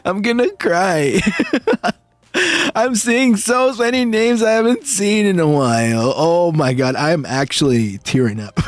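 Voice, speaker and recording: A young man streams as a dinosaur-boy persona, talking to his viewers in an unhurried, affectionate ramble. He often breaks into high excited shouts. His voice sounds dry and close, with faint music playing underneath. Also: no echo. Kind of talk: casual chat to stream viewers.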